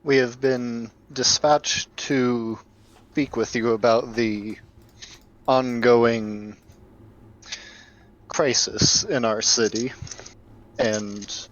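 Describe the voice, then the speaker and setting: A man's voice: medium pitch, muffled recording. A man voicing a polite, formal male vampire tax collector in a tabletop game. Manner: courteous, formal.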